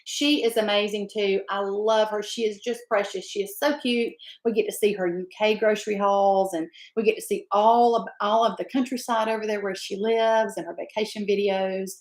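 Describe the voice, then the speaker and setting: A woman's voice: mid-range voice, steady tone, normal speed, few pauses, echoey room. A woman, hosting a casual live stream and chatting effusively as she greets viewers by name. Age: 50s. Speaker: livestream host.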